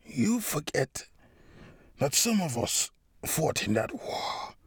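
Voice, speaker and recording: A man voicing a timid older veteran who speaks softly and meekly, higher and quieter than the narration. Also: sing-song, slow pace, breathy edge, no echo, clean studio sound, heavily acted. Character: timid older male war veteran, cowed.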